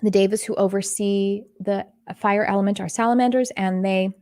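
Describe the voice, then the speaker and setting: Middle-aged woman, spiritual teacher, live-stream chat, rambling and earnest, mid-pitched, dry close sound. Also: fairly even intonation, moderate pace, mellow, no room sound. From Texas. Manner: rambling, earnest, many fillers and restarts. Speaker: spiritual teacher giving intuitive readings.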